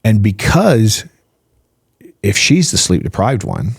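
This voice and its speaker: Speaking slowly with vocal fry and a husky tone, a low-voiced physician talks through ideas as a guest in a relaxed podcast chat. He's animated, stacking rhetorical questions and checking in with "right?", and the recording is close and dry with no room sound.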